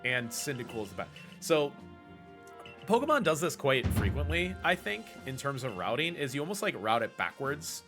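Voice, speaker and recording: A man's voice: medium pitch, sing-song, normal speed, music in the background. A man from the Pacific Northwest explaining game routing at length during a live speedrun stream, with fillers and self-corrections. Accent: American, Pacific Northwest. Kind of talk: casual live-stream commentary while gaming.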